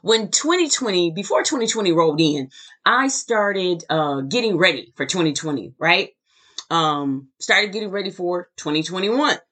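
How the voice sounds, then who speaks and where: A woman's voice: on the low side, fairly bright tone. A woman hosting a motivational podcast as a success coach, enthusiastic and emphatic, often repeating words for effect.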